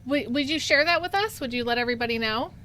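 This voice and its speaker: Female host, bright sharp voice, pitched a bit high, eager and chatty. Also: fast talker. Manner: enthusiastic, chatty. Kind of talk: live interview.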